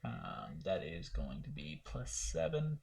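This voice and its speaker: A man's voice: medium pitch, sing-song, slow, creaky, darkish tone, distant mic. A man playing in a tabletop game, chatting casually with the game master. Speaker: player.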